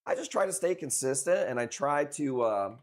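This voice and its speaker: A young man from the Chicago area talks loosely with his viewers while he runs a live coral sale. His speech is relaxed and profane, and his voice sits at an ordinary middle pitch for a man. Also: normal speed. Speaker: livestream coral seller. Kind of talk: casual livestream chat.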